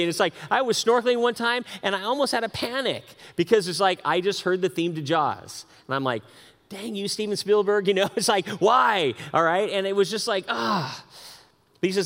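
A male pastor delivers a sermon in a fairly high voice, animated and full of quick asides to the congregation. He often repeats and restarts words. The sound carries a long reverb from a church hall.

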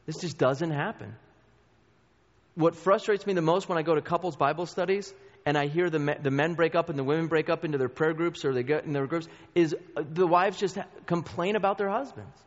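A man's voice: fairly high pitch, brisk. A middle-aged man teaching a Bible study group, earnest and conversational, speaking straight to the listeners. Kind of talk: church teaching talk. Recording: dull sound with long hall reverb.

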